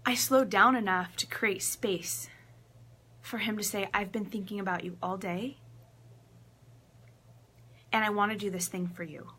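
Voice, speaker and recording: Bright, animated woman storyteller. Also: mid-range voice, unhurried, pauses often. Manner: animated storytelling, acts out quotes; laughs often, emotional. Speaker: relationship coach. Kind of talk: casual talk to camera.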